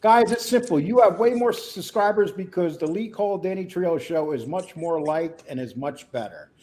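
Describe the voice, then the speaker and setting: A man's voice: high voice, normal speed, a little mellow, a little hiss or hum. A man co-hosting a casual livestream chat, crude and rambling, joking with his partner. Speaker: co-host.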